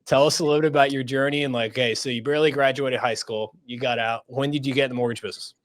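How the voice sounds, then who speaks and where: A man hosting a casual interview over a video call, asking quick, friendly questions. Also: mid-range voice, steady tone, dry recording. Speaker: podcast host.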